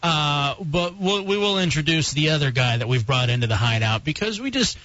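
A man's voice: a little high, animated, brisk, pushed and bright, no room sound. A man hosting a live radio talk show, teasing his co-host in a mock-arrogant, boastful way. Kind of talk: casual radio banter. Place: radio studio. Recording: dull lo-fi radio broadcast with faint music.

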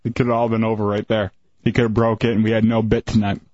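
A man co-hosting a radio show, calmly explaining and making dry jabs, on a dull lo-fi broadcast. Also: fairly low pitch, quick pace, no room sound. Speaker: radio co-host.

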